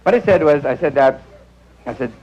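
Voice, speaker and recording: A man's voice: expressive, normal speed, darkish tone, highs cut off. A man in his thirties doing a rambling live stand-up routine on a nightclub stage, acting out characters, heard on an old 1960s film recording. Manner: rambling, acts out characters with high squeaky voices. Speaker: stand-up comedian.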